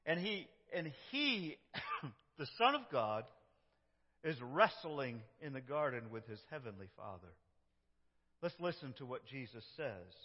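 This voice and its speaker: A pastor preaching a sermon in a church, dramatic, moving from loud cries to hushed prayer. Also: male voice, medium pitch, big pitch swings, a little slow, pauses often, breathy edge. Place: church sanctuary. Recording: dull, echoey church sound.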